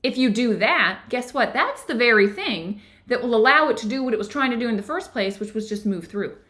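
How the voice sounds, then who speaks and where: A woman's voice: fairly high pitch, animated, fairly quick, fairly bright tone. Earnest woman hosting a book club. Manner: earnest, encouraging, asks the listener questions. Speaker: book club host and yoga therapy teacher. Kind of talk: casual book discussion with read-aloud passages.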